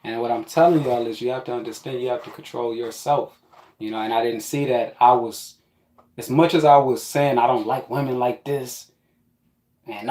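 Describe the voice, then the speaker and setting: A man's voice: mid-range voice, moderate pace, roomy sound. A man telling a rambling, profane personal story in a casual spiritual monologue. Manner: profane, rambling, animated with quoted asides.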